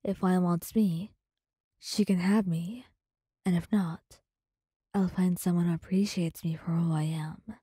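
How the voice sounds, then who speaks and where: A woman voicing a cocky, sarcastic young man with a dark edge, in a soft whispered role-play. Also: lowish voice, steady tone, unhurried, breathy edge, no room sound, clean studio sound, pitched below the performer's own voice. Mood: scornful. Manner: scoffing, sarcastic.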